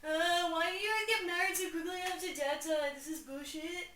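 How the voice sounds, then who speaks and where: A woman's voice: very high-pitched, fairly even intonation, normal speed, bright, forceful tone, pitched above the performer's own voice. A woman voicing a sulky, dramatic young prince who whines and complains. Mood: whiny. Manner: whiny, exaggerated complaining. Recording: echoey room, distant mic, faint hiss.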